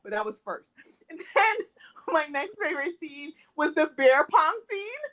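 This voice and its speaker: A woman's voice: sits high, sing-song, unhurried, a bit bright. A woman co-hosting a casual movie review podcast, animatedly retelling scenes, acting out quotes and laughing often. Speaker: podcast co-host.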